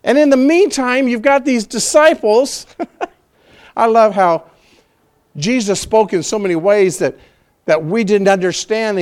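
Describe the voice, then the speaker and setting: A male preacher with a strikingly high voice tells a story with lively, swooping pitch. He acts out scenes as he talks and keeps the listeners pulled along. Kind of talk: sermon.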